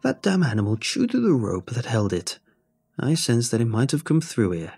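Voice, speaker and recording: A man putting on a creaking old hag. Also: mid-range voice, wildly swooping pitch, normal speed, soft background music, heavily acted. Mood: mock-gentle. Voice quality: creaking, rasping. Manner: mock-gentle, cackling, hissing.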